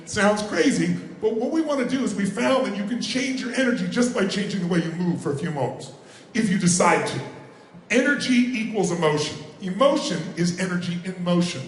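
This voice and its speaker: High-pitched man pumping up a crowd. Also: brisk, roomy sound, slight background noise. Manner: energetic, calls out questions and prompts the crowd to answer. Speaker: motivational speaker. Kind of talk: live seminar talk to an audience. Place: large room with a live audience.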